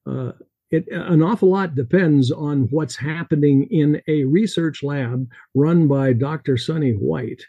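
Author guest, male, gravelly and husky, dark dry sound, steady reading voice. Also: fairly high pitch, a little slow, dry recording, dull audio. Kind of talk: reading his novel aloud, then chatting.

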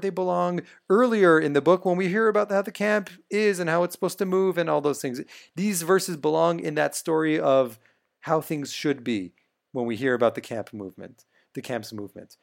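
A man's voice: on the high side, creaky. A man co-hosting a conversational Torah study podcast, explaining verses and putting questions to his co-host.

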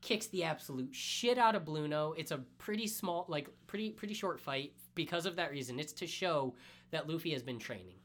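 A man co-hosting a podcast, excitedly retelling a story in casual chat and swearing freely. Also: fairly high pitch, fairly quick. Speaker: podcast co-host. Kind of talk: casual anime recap chat.

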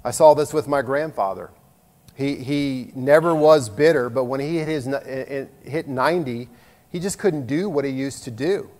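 A middle-aged man preaching a sermon as a pastor, earnest and conversational, moving between loud emphasis and hushed asides. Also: medium pitch. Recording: long reverb of a large hall.

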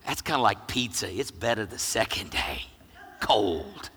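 A middle-aged male pastor preaching with jokes, swinging between loud emphasis and hushed near-whispers. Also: on the low side, expressive, measured pace, husky, big-room sound. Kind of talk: sermon.

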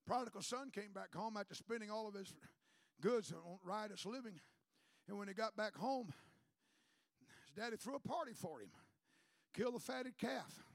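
A man preaching a sermon to his congregation, building to shouted climaxes and calling for a response. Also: sits high, lively intonation, normal speed, vocal fry, long pauses, no room sound, clean studio sound. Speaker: pastor.

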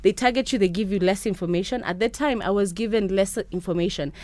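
A young woman from Kenya, a guest in a radio studio, telling stories in a chatty, animated way. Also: medium pitch, fast, no echo. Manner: chatty, animated storytelling with quoted voices. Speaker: podcast host and interview guest.

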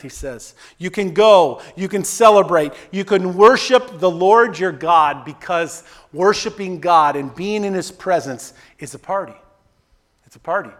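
A man preaching a sermon, energetic and conversational, tossing in quick asides and dropping soft on quoted prayers. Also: high-pitched. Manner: conversational asides with repeated "right?". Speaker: pastor.

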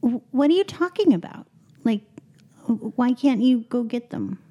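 A woman's voice: lively intonation, normal speed, dark tone, highs cut off. Woman doing a sweet, naive young medic. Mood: earnest. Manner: earnest, high and sweet.

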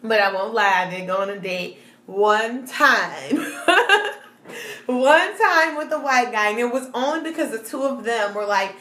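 A woman's voice: a little high, animated, measured pace, a bit bright. Blunt, laughing young woman in a roomy space. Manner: blunt, profane storytelling, frequent laughter. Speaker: podcast co-host. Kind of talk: casual chat. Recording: roomy echo.

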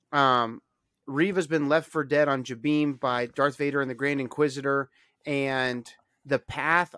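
A man hosting a casual podcast chat, rambling and animated with lots of fillers. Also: mid-range voice, no echo, studio quality. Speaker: podcast host.

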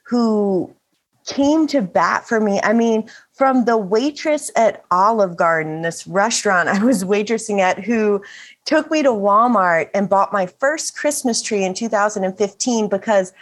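A woman's voice: mid-range voice, lively intonation, unhurried. A woman talking as a podcast guest in an earnest, open and reflective way. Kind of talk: casual conversational interview.

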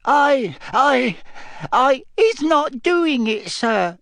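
A man's voice: very high-pitched, very animated, very slow, creaky, fairly bright tone, no echo, studio quality, voice pushed up, heavily acted. A man reading aloud and voicing a terrified little female house elf who stammers and gasps. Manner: gasping, stammering.

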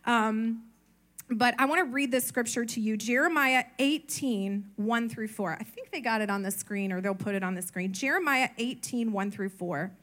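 A woman's voice: fairly high pitch, normal speed, fairly bright tone. A woman preaching a sermon at a church service, chatty and playful, often calling on the congregation to answer her.

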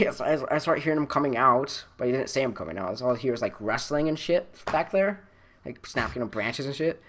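A young man in casual conversation with an ordinary, mid-height pitch. He rambles through work stories with loose fillers and restarts, often breaking into laughter. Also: expressive, a little fast, fairly bright tone, slight background noise. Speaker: storyteller. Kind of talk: casual chat.

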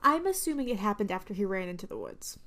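A woman's voice: mid-range voice, big pitch swings, quick pace, bright, forceful tone. Young woman co-host chiming in. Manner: chiming in with short agreements and jokes. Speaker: podcast co-host. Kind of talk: casual movie chat.

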